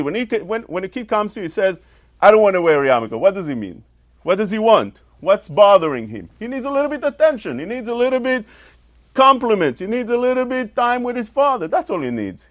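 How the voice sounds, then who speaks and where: A man acting as a Torah teacher gives a religious lesson in an animated, emphatic way, using rhetorical questions and repetition. His voice sits high and moves a little fast, captured in clean studio sound with no echo.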